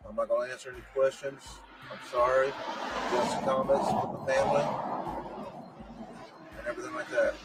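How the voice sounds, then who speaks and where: A man's voice: medium pitch, level tone, normal speed, pauses often, distant mic, a loud crowd, heavy background noise. A man giving a short statement to the press for a family, brief and apologetic.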